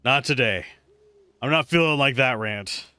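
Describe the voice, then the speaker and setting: A man's voice: mid-range voice, measured pace, no echo. A man casually commentating his game on a live stream, chatty and joking as he plays. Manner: animated, chatty, jokey asides. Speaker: streamer playing a video game.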